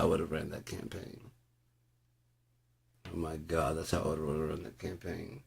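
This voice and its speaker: A man's voice: deep voice, flat delivery, normal speed, vocal fry, long pauses, slight background noise. A man rambling casually through a profane monologue, often laughing. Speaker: vlogger.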